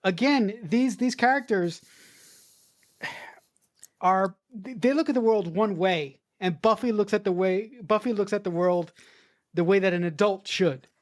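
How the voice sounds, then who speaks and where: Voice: mid-range voice, a little slow. A podcast co-host giving casual movie opinions, often repeating words while searching for phrasing. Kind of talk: casual movie review chat.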